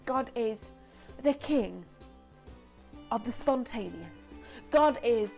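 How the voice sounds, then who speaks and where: A young woman presenting a lively children's church story, chatty and animated. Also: on the high side, takes it slowly, creaky, long pauses, soft background music. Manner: animated, chatty, acts out voices.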